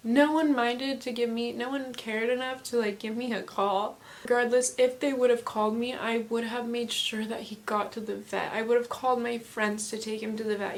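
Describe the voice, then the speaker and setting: A woman's voice: a little high, creaky. A young woman vlogger telling an upsetting personal story, rambling with many fillers and quoting her family as she goes. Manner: rambling, filler-heavy, upset retelling with quoted dialogue. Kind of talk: emotional storytime vlog.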